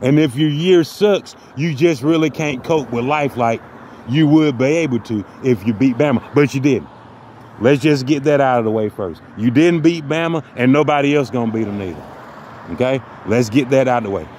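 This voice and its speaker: A man's voice: mid-range voice, normal speed, darkish tone, a little hiss or hum. A man delivering a profane, mock-motivational comic rant that loops back on the same phrases. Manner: mock-motivational, repeats phrases, heavy cursing.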